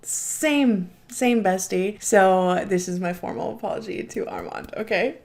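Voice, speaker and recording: Young woman reaction host: chatty, gushing, mid-pitched, casual swearing. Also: unhurried, creaky, darkish tone.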